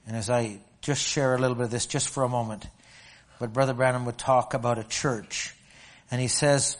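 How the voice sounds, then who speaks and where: An older man from Alberta, Canada, preaching a sermon and telling a story with stammering restarts and animated storytelling. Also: medium pitch, moderate pace. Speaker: pastor.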